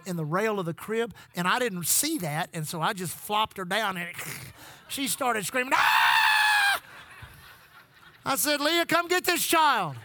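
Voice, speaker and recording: A man's voice: high-pitched, a bit bright, dry recording. A middle-aged man preaching a sermon, telling folksy stories and calling out to the congregation. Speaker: pastor.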